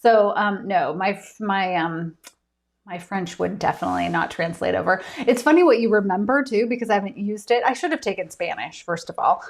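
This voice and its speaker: An author hosting a casual live stream from home, chatty and giggly with many ums. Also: female voice, medium pitch, a little fast, gravelly.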